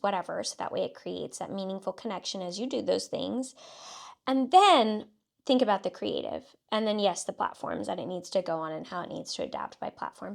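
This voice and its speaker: A woman's voice: medium pitch, gravelly. Upbeat woman coaching with a light Southern twang. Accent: light Southern US country twang. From South Texas, US. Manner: upbeat, coaching, direct second-person instructions with frequent "okay" and "let's say". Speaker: podcast host and marketing consultant. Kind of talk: solo instructional podcast.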